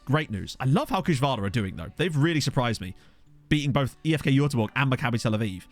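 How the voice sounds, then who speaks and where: A man live-streaming a management game, chatting casually and getting excitable, swearing when something surprises him, into a desk microphone. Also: medium pitch, fast talker, faint music behind. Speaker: gaming streamer. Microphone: desktop USB microphone.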